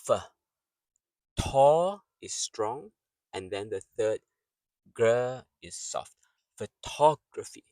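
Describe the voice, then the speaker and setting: A man gives an English pronunciation lesson in a slightly low voice, taking his time over every word. He repeats example words and leans on the stressed syllables. The sound is dry and close. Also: no room sound.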